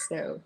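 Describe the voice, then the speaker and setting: Slow-talking woman greeting viewers. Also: background noise. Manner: chatty, greets viewers warmly, laughs often. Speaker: co-host. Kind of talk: live-stream chat, reading out viewer names.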